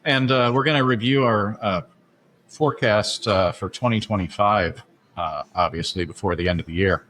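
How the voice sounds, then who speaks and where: A man's voice: lowish voice, normal speed, a bit bright, slight background noise. A man hosting a sports podcast in casual chat, chatty and full of "uh" fillers. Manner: chatty, many "uh" fillers, laughs at his own asides. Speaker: podcast host.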